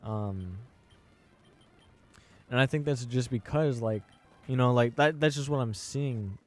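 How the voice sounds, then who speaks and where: A young man chatting on his podcast in a loose, rambling way, circling back to his point with many fillers and restarts. His voice sits at an ordinary middle pitch for a man. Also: slow. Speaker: podcast host. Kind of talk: casual chat.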